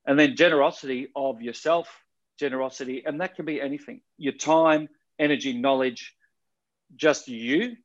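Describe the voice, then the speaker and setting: A man talks through life values in a relaxed podcast conversation, earnest and frank, with the odd swear word. His voice sits mid-range and the recording sounds a little dull and lo-fi. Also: mid-range voice, normal speed. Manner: earnest, rambling, swears casually. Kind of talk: casual podcast chat.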